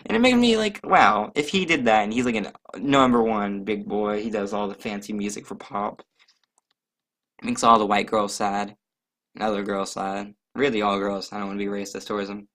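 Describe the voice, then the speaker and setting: A man's voice: fairly low pitch, steady tone, normal speed, a bit bright. A young man hosting his own casual solo podcast, rambling and joking at his own expense. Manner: rambling, jokey, self-deprecating; loose, chatty, trails off with many fillers. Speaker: podcast host.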